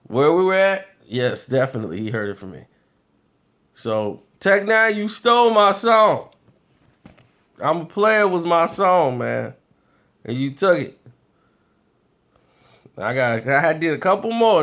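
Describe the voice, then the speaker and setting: Laughing, animated man telling stories. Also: on the high side, unhurried, long pauses. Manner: animated, laughing, loose and conversational. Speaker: vlogger. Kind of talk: casual storytelling.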